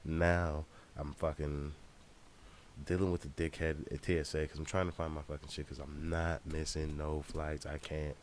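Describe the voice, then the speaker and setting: Rapper-vlogger type: very low-pitched man, swearing freely through a loose travel story. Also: little pitch movement, normal speed, a little hiss or hum. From United States. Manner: profane, loose and ranting. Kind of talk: casual travel vlog storytelling.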